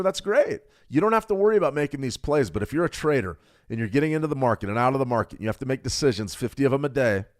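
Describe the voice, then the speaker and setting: A middle-aged man hosting a live trading stream, talking fast and joking with viewers while he reads the chat. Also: medium pitch. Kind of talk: live market analysis, reading chat.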